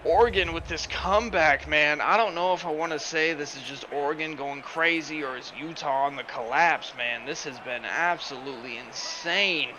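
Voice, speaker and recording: A man doing play-by-play commentary for a simulated football game, excitable and bursting into shouts on big plays, his home microphone distorting when he yells. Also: on the high side, moderate pace, few pauses. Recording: loud game crowd and noise underneath. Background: stadium crowd sound from the game.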